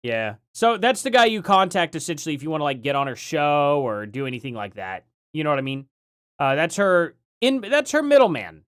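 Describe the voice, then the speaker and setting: A man's voice: fairly high pitch, very animated, brisk, a bit bright, smooth. A man live streaming casual commentary, rambling with lots of fillers and chuckles.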